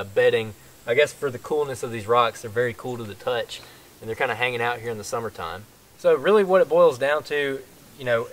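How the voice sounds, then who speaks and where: A man hosting a hunting channel, giving a steady, casual explanation of terrain while outdoors at the base of a rock bluff. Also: medium pitch. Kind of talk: field scouting explanation.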